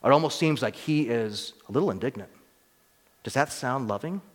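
A male preacher giving an expository sermon, teaching with emphatic rises and quiet asides. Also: medium pitch, expressive, moderate pace, a little hiss or hum. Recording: long hall reverb.

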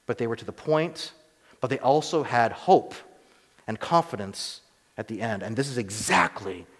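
Earnest male pastor in a reverberant hall. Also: mid-range voice. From United States. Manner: earnest, measured, slows for emphasis, drops to a hush on key words. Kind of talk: sermon. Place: church sanctuary.

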